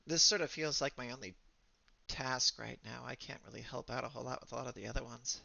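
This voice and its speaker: A man voicing a shy middle-school boy who speaks in hesitant, halting bursts. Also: medium pitch, vocal fry, sharp tone, muffled recording, exaggerated voice.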